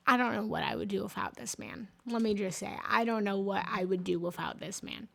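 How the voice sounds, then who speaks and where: A woman spiritual coach gives a casual, chatty live lesson on chakras, often stopping mid-word and laughing at herself. Her mid-range voice is a bit bright with vocal fry, fairly even in intonation and normal in speed.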